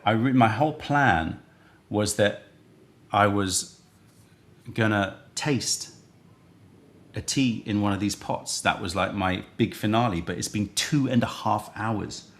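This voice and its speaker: A man's voice: lowish voice, slow. A man hosting a live tea stream, chatting casually and thinking aloud as he rambles between giveaways. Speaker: livestream host selling tea.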